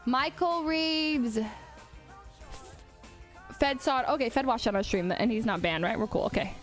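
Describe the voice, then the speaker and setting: A woman's voice: a little high, a little slow, soft background music. A woman streamer casually chatting and reacting to a video with giggly comments.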